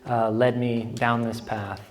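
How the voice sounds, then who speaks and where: A man's voice: medium pitch, level tone, unhurried. A young man interviewing a guest at a church event, rambling and friendly with lots of fillers. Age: young adult. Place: church meeting room.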